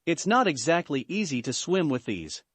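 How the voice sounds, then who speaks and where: A man's voice: a little high, sing-song, moderate pace, husky, no room sound. Wary young woman, voiced by a man reading, dry close sound. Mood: uneasy.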